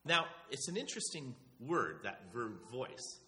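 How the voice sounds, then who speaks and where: A man's voice: medium pitch, sing-song, measured pace, bright, forceful tone, a little hiss or hum. A man preaching a sermon to his church in a conversational way, often repeating words and restarting sentences. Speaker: pastor.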